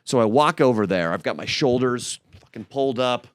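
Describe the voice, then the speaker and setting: A man's voice: medium pitch, a little fast, clean tone, no room sound. A man co-hosting a comedy podcast, telling a rambling story and acting out the people in it, recorded on a studio mic. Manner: animated storyteller, acts out scenes. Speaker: podcast co-host. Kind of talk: casual comedic podcast chat. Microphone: studio microphone.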